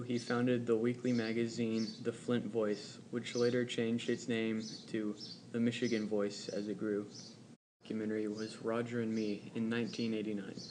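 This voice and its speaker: Narrator, male, reads evenly and flatly over clear background noise. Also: medium pitch. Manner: even, read-aloud delivery. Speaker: documentary narrator. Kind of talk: scripted narration.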